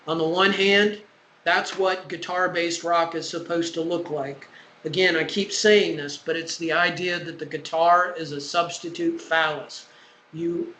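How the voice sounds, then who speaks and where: A man lectures a class in a loose, chatty way, stopping for fillers and asides. His voice sits a little high. The recording is roomy and echoey, with a faint background hum. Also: a bit bright. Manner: conversational, digressive lecturing with fillers. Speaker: music professor.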